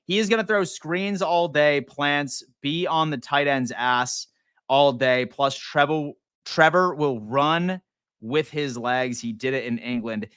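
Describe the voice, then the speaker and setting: A man's voice: a little high, takes it slowly, fairly bright tone, clear, resonant tone, no echo, clean studio sound. Hyped young man streaming football chat. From Western New York. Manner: loose, profane, hyped, greets chat. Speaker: sports live stream host. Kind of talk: casual live stream chat.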